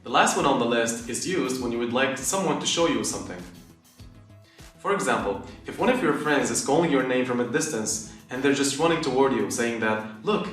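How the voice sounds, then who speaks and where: A man teaches phrases one at a time and repeats each word slowly so it can be followed. He sounds far from the mic in a very echoey room. Faint music plays underneath. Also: mid-range voice, expressive, fairly bright tone. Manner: explains step by step, repeats words slowly. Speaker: Arabic dialect teacher. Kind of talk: language lesson video.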